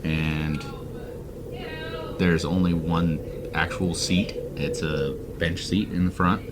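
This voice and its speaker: A man narrating as game master of a tabletop game, relaxed and joking. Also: deep voice, takes it slowly, background noise.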